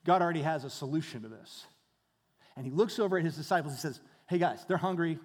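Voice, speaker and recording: High-voiced pastor preaching in a hall. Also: male voice, lively intonation, fast talker, breathy edge. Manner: conversational, rhetorical questions, repeats phrases. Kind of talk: sermon. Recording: reverberant hall.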